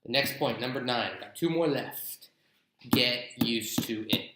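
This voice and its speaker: A man's voice: mid-range voice, a little slow, a bit bright, echoey room, low-quality recording. A young man giving blunt, chatty travel advice in a casual vlog. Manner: chatty, blunt, gives tips with mock examples. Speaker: travel vlogger.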